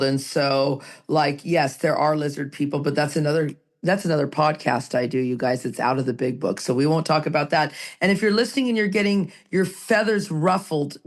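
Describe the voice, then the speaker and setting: A woman co-hosting a recovery podcast, talking in a lively, rambling way and reading passages aloud. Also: low voice. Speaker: podcast co-host. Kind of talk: casual recovery podcast chat.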